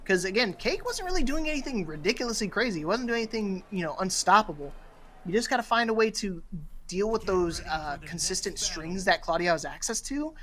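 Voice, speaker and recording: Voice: medium pitch, animated, a little fast, a bit bright. A commentator giving casual, jokey play-by-play of a fighting game tournament. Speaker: esports commentator.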